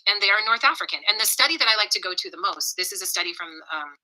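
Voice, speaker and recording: A woman explaining in a measured, lecture-like way, with frequent ums. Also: mid-range voice, animated, bright, forceful tone, low-quality recording. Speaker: scholar in a played clip.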